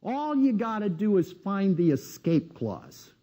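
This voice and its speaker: A man's voice: high-pitched, huge pitch swings, measured pace, warm tone, heavily acted. A man voicing a knowing wooden puppet boy in an insistent, explaining way, within a seminar story.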